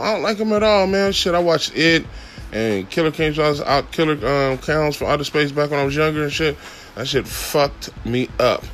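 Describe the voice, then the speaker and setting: Laid-back, profane man telling a story. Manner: profane, laid-back, laughs often, pitch jumps when excited. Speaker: podcast host telling a driving story. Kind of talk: casual storytelling monologue.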